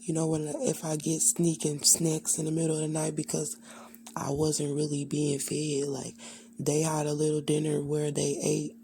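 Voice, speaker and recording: A woman's voice: low voice, completely flat delivery, moderate pace, vocal fry, dark tone, slight background noise. A young adult woman candidly telling a personal childhood story, rambling and full of fillers. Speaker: vlogger.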